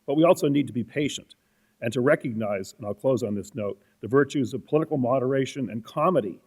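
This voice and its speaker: Measured man giving academic remarks. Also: mid-range voice, darkish tone, breathy edge. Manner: measured, with frequent "uh" fillers. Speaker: panel respondent.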